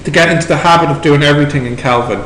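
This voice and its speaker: Irish male maths tutor, quizzing students as he goes; high voice, roomy classroom sound with slight hiss. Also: rapid-fire, fairly bright tone. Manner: questioning, prompting students step by step. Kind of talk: working through exam questions with students. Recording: echoey room recording with background noise.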